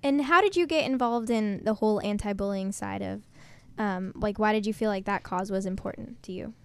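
A woman's voice: mid-range voice, brisk, creaky, smooth, no echo. A woman co-hosting a web radio show in a studio, upbeat as she asks her guest questions. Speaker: radio co-host. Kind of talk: radio interview.

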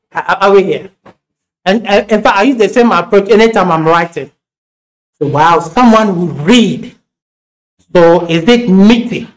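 Man, Ghanaian accent, pastor, sermon, high-pitched, storytelling, repeats himself. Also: low-quality recording. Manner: storytelling, repetitive restarts, laughing asides. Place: church.

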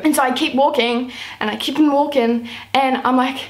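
A young woman from New Zealand chats to camera in a bright, high voice, telling a story at an easy pace. She peppers almost every sentence with "like," keeping the tone loose and casual. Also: fairly even intonation, normal speed. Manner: chatty, says "like" constantly. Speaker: vlogger.

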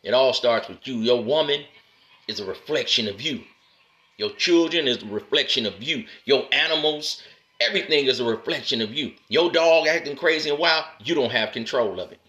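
Man, bright forceful voice, middle pitch, preachy street-style monologue, keeps saying "man" and "brother", punchy emphasis with low slow asides. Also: expressive, highs cut off. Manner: street-style lecturing, repeatedly calling the listener "man" and "brother"; emphatic, swings between loud punchy lines and low drawn-out asides. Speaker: motivational speaker addressing men. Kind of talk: preachy direct-to-camera monologue.

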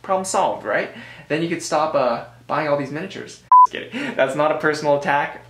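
A man's voice: fairly high pitch, a little fast, very noisy. An American man giving a casual review commentary, rambling with joking asides and frequent self-corrections. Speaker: board game reviewer. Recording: roomy echo.

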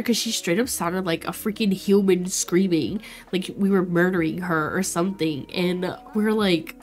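A woman's voice: lowish voice, normal speed, faint music behind. A woman in her twenties chatting casually and bubbly with viewers while streaming a game, laughing often. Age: 20s. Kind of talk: casual livestream chat while playing.

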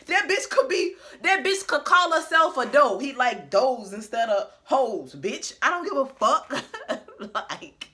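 A woman rants to her camera in a casual, profane way, hammering each point home bluntly. Her voice sits a little high and sounds bright and forceful. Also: very animated, slow pace. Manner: profane, blunt and emphatic, laughing between points. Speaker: vlogger.

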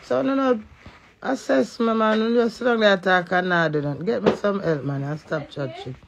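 A woman's voice: mid-range voice, normal speed, vocal fry, noisy background. A Jamaican woman who is a social media influencer, chatting brashly and profanely in patois with her live-stream viewers. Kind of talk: casual live-stream chat.

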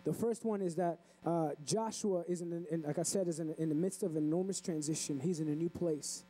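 A man's voice: a little high, a little fast, mellow, rough recording. A pastor preaching a casual, conversational sermon in church, often repeating words as he goes.

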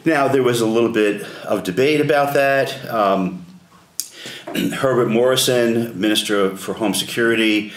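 A man leading an adult class, telling a story in a conversational way, often clearing his throat and putting questions to the group. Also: medium pitch. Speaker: adult education class leader. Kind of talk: informal lecture with storytelling. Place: church meeting room. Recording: echoey church room.

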